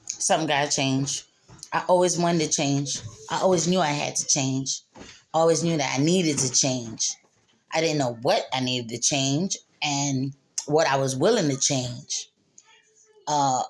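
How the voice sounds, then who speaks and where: A woman's voice: low-pitched, a little hiss or hum. A mother talking candidly and emotionally about her faith and healing, repeating herself and laughing through tears. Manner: spiritual, speaks of God and faith. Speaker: mother sharing her story. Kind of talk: candid personal monologue.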